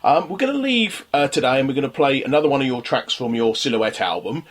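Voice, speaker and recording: Imagine a man from London hosting a local radio interview. His voice sits mid-pitch, and he circles around his questions, stumbling and restarting often. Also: animated, quick pace. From London, England. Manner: rambling, full of restarts. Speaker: radio host.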